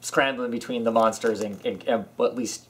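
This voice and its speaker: Male co-host, mid-pitch, unscripted and rambling, often trails off and restarts. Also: steady tone, normal speed, a bit bright. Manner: rambling, hesitant, with frequent restarts. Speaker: podcast co-host. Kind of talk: casual chat. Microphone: camera mic.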